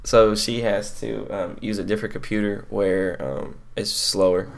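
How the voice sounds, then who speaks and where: A teenage man telling a story in a slow, crude, laughing way as a podcast co-host. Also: on the low side, fairly even intonation, vocal fry. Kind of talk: casual chat.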